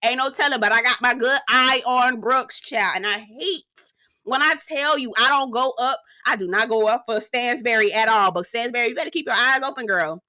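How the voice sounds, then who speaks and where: A woman giving a sassy, slangy gossip recap of a reality show episode, animated and quick to laugh. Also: fairly high pitch. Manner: sassy, slangy, keeps calling listeners girl and child; animated storyteller who laughs often. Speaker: reality TV reviewer. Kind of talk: casual gossipy recap commentary.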